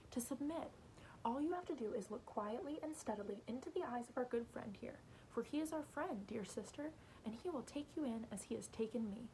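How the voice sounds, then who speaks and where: A woman reading aloud as a small boy spoken through by an alien, bland, calm and reasonable. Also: a little high, slight background noise, close to an everyday voice, poor audio.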